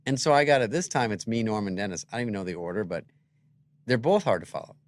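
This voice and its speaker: Sarcastic, lively-voiced comedian man. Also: lowish voice, fast. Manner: animated storytelling, sarcastic, acts out quoted lines. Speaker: comedian guest. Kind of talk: casual chat.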